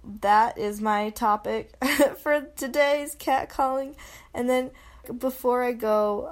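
A woman's voice: mid-range voice, vocal fry. A young adult woman hosting a casual solo podcast, chatty and self-mocking, often laughing and slipping into quoted voices. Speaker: podcast host.

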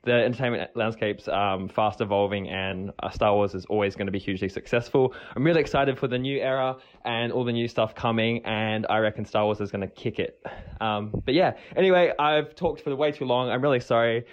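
A man's voice: mid-range voice, fairly even intonation, brisk, highs cut off. A man from New Zealand leaving a casual, rambling voice message for a podcast, full of ums and restarts. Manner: rambling, lots of fillers and restarts. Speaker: listener sending a voice message.

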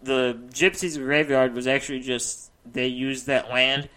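A man's voice: medium pitch, level tone, pushed and bright. A man chatting casually on a podcast, cracking jokes and swearing freely. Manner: joking, profane, quick asides. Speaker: podcast co-host. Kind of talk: casual chat.

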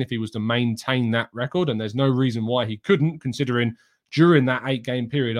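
A man hosts a live question-and-answer stream, reading viewer messages aloud and answering each one. He talks in an opinionated, ranting way, often breaking off and restarting his sentences. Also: medium pitch. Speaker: host.

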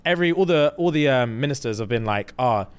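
A man's voice: mid-range voice, fast talker, clean tone. A man co-hosting a podcast, retelling a show in casual chat and acting out the quotes. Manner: animated storytelling, acting out quotes. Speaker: podcast co-host.

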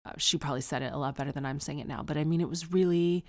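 A woman's voice: deep voice, steady tone, racing. A woman hosting an advice podcast, answering a listener with frank, conversational personal stories. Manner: frank, conversational, with frequent restarts and emphatic asides. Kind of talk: casual, candid personal storytelling.

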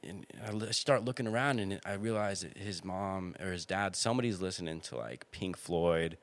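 Young man, low voice, animated storyteller, acts out quotes, dry close sound. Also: moderate pace, no echo. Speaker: campus EMT and podcast guest. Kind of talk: casual storytelling.

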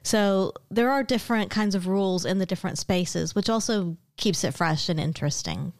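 Lady cohost chatting easy, mid-pitched voice, dry close mic. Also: normal speed, a little mellow, dry recording. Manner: easygoing, explaining, laughs often. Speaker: podcast co-host. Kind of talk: casual chat.

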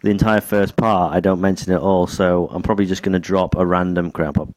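A man's voice: sits low, fairly even intonation, brisk, darkish tone, dry recording. A young man co-hosting a podcast in casual chat, with dry, wry, brief replies. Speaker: podcast co-host.

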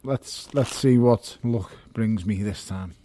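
A man's voice: on the low side, takes it slowly, dark tone, a little hiss or hum. A man speaking as a guest, frank and reflective.

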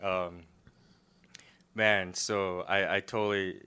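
A man's voice: low-pitched, level tone, takes it slowly, bright, forceful tone, clean tone. A young man in casual chat, telling a rambling story and laughing often.

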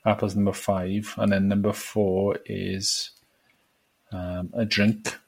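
A man co-hosting a podcast, quizzing the others in a relaxed casual chat. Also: on the low side, slow pace, gravelly, husky. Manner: relaxed quiz-style prompting. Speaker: podcast co-host.

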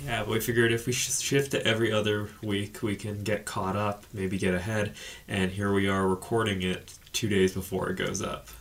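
A man hosting a podcast, chatting casually in a rambling, relaxed way. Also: lowish voice, moderate pace, gravelly. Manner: rambling, relaxed, with many fillers and restarts. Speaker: podcast host. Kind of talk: casual chat.

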